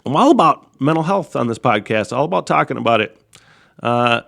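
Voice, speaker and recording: A man talks through his own podcast in a loose, unscripted monologue that is full of swearing. He laughs often and jumps between sudden loud outbursts and low muttering. His voice sits at a mid pitch for a man. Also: animated, a little fast, vocal fry. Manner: profane, rambling, laughs often, swings loud to quiet. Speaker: podcast host. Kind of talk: casual solo podcast monologue.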